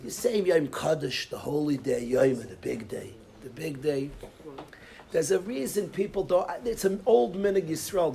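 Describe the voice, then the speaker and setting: A man's voice: on the high side, a little mellow. A rabbi teaching a lecture class, telling a story and explaining each source line while often repeating and restarting his phrases.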